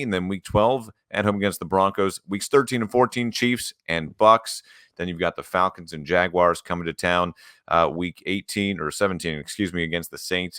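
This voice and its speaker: A man hosting a sports podcast in casual chat, laid-back, running through lists with quick quips. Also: sits low, fairly bright tone, clear, resonant tone, no echo, clean studio sound. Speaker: podcast host.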